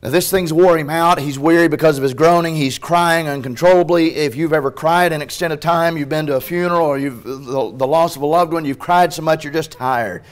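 Male pastor, fairly high voice, preaching with swings from soft to loud. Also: a little fast, few pauses. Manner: impassioned preaching that swings from hushed to loud, with restarts. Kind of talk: sermon. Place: church sanctuary.

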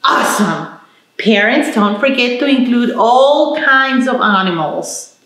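A woman's voice: on the high side, animated, a bit bright. Sing-song librarian woman in an echoey room. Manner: slow, sing-song, encouraging, talks to babies; mixes in Spanish words. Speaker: children's librarian. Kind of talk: baby storytime with rhymes and songs.

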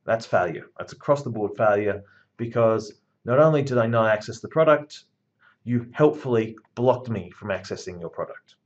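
A man's voice: on the low side, animated, normal speed, highs cut off. A man giving a university lecture in a conversational, emphatic way, with blunt asides.

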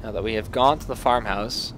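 A man's voice: lowish voice, fairly quick, noisy background. A young man hosting a gameplay video, giving playful, self-mocking commentary as he plays.

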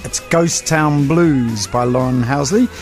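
A man's voice: slow pace, over loud music. A man presenting a casual radio interview in a studio, chatty and teasing. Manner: chatty, teasing, animated pitch.

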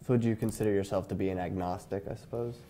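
A male host asking interview questions in an upbeat, quick manner. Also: fairly low pitch, fairly even intonation, mellow, slight background noise.

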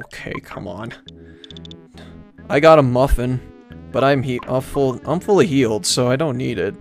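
A man giving casual, joking live commentary while streaming a game, rambling and swearing now and then. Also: mid-range voice. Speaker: let's-play streamer.

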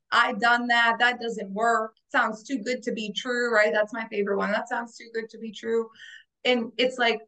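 Bright upbeat woman hosting a call. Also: fairly high pitch, rough recording. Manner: upbeat, coaching, keeps asking "right?" and addressing "guys". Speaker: host of an agency call. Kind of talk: motivational interview chat.

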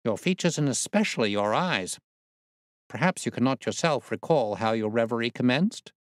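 A clever, wry detective speaks with precise, patient explanation, his pitch moving in a lively way, as a man reading aloud puts him on. The recording is dry and close, like a quiet storybook reading. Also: moderate pace, no room sound, close to an everyday voice. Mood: amused, explaining. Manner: precise, explanatory, lightly teasing. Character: sharp, amused male detective, middle-aged. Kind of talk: audiobook reading.

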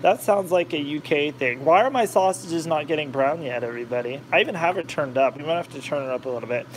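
A man's voice: on the high side, fast, slight background noise. A man hosting a cooking video from his home kitchen, chatting casually and rambling off topic while he cooks. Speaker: cooking vlogger, channel host. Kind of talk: casual chat while cooking, reading viewer comments.

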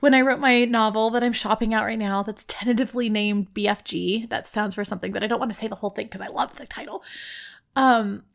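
A woman's voice: a little high, fairly even intonation, fast, creaky. A woman hosting a podcast, talking to listeners in a casual, chatty and informal way. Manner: chatty and informal, with frequent "like" and laughs. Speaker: podcast host.

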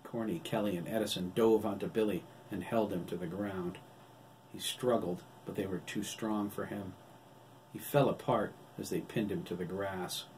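Low-voiced man narrating an audiobook. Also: steady tone, moderate pace, a little mellow, a little hiss or hum. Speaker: author reading his novel.

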